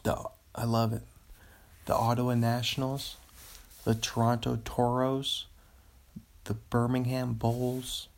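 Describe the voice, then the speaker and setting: A man's voice: medium pitch, flat delivery, takes it slowly, pauses often. A man hosting a casual solo podcast, rambling and easily amused, chuckling as he reads material aloud. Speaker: podcast host.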